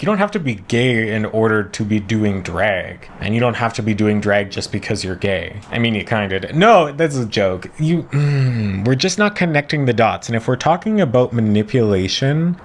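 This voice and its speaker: A man hosting a reaction commentary, talking casually with sarcastic, animated interjections. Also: mid-range voice. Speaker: commentary host reacting to a clip.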